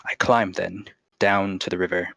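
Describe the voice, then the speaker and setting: A man voicing a boastful, theatrical Vistani storyteller who tells a tale slowly and dramatically. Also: low-pitched, level tone, vocal fry, fairly bright tone, no echo, poor audio. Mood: dramatic. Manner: slow dramatic proclaiming.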